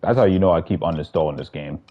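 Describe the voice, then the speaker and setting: A man with a very low voice rambles through casual gaming livestream commentary, swearing freely and restarting his sentences. The sound is dull and lo-fi, like compressed stream audio. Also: fast talker. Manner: rambling, profane, restarts often.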